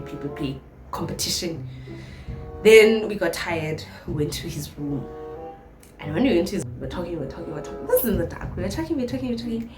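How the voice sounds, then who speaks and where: A South African woman spinning an animated storytime tale, jumping into the voices of the people in her story. Her voice rings with a roomy echo, and soft music plays faintly behind her. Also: lowish voice. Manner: animated storyteller who acts out quoted lines. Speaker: vlogger. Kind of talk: storytime vlog.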